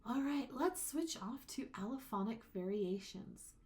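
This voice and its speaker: A woman instructor giving a recorded lecture. She explains with patience and says her example words slowly, drawing them out. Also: on the high side, expressive, warm tone. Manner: slow, drawn-out example words.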